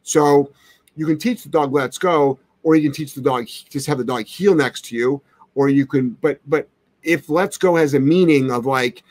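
A man's voice: a little high, normal speed, darkish tone, no room sound. A man who trains dogs, hosting a live question-and-answer stream, talking in a blunt, brash and sarcastic way. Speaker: dog trainer, show host.

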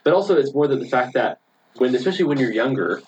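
A man's voice: mid-range voice, expressive, quick pace, a little mellow, highs cut off, a little hiss or hum. A man in his twenties chatting casually as a podcast guest, rambling through stories with lots of fillers and laughs. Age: 20s. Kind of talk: casual chat, storytelling.

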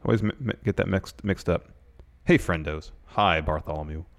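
A man co-hosting a casual podcast, reading news items aloud and chatting in a relaxed, agreeable way. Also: low voice, moderate pace, gravelly. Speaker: podcast co-host. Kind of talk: casual wrestling podcast chat.

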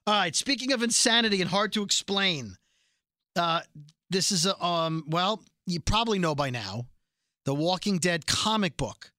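A man co-hosting a podcast, chatting quickly and casually and reading aloud from a letter. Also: high voice, expressive, pushed and bright, no echo, studio quality. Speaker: podcast co-host. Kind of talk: casual chat.

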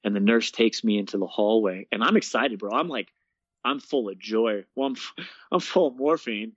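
A young man, a guest, casually telling his story in an interview, animated and laughing often, peppering his talk with "man" and "bro.". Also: on the low side, brisk, dry recording. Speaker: guest, fitness coach and speaker. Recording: dull, dry lo-fi sound.

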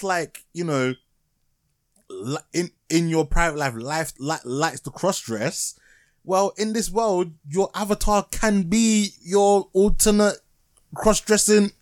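A man with a fairly high-pitched voice hosts a podcast, speaking at normal speed on a dry recording. He rambles through a TV show review in casual chat, laughing often and restarting sentences.

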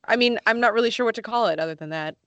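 A woman's voice: fairly high pitch, very fast, fairly bright tone, highs cut off. A young woman co-hosting a casual podcast, joking and giggling, her voice cracking now and then. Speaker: podcast co-host. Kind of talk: casual chat.

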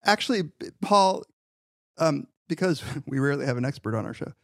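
A man's voice: fairly high pitch, expressive, brisk, vocal fry, no echo, studio quality. A man co-hosting a casual podcast discussion, a psychology lecturer who talks in a wry way with hesitant restarts. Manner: wry, laughs between phrases, hesitant restarts.

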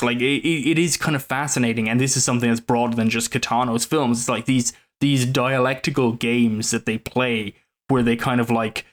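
A man co-hosting a casual film podcast, rambling with lots of fillers and restarts. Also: medium pitch. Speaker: podcast co-host.

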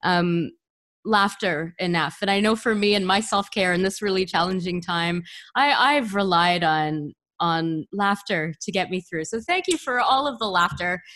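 A woman's voice: on the low side, moderate pace, a bit bright. A woman hosting a podcast interview, bubbly and playful, laughing easily and piling on fond exaggeration. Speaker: podcast host. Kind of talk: casual interview chat.

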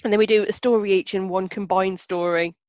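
Podcast host lady, soft black country accent, giggly and wry, kinda muffled lo-fi. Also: medium pitch, steady tone, brisk, no echo. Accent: mild Black Country. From Black Country, England. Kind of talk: casual podcast chat. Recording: dull lo-fi sound.

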